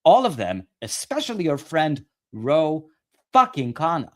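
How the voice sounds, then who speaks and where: A man's voice: on the high side, very animated, measured pace. Male political commentator ranting on camera, sarcastic and profane.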